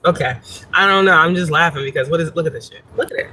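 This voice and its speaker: A woman chats on a phone-camera livestream from her parked car in a snowy lot. Her voice is bright and forceful, and she swears freely and laughs often as she rambles through a story. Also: deep voice, brisk, husky, low-quality recording. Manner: profane, laughing, chatty storytelling. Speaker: spiritual reader and livestream host. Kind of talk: casual livestream chat.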